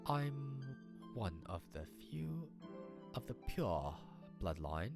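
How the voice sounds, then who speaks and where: A streamer voicing a proud, formal young male bird aristocrat in a raised, breathy half-whisper while reading a game aloud. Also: extremely low pitch, big pitch swings, takes it slowly, music in the background, pitched above the performer's own voice, exaggerated voice. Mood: haughty. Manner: proud, stiff and formal, sighing.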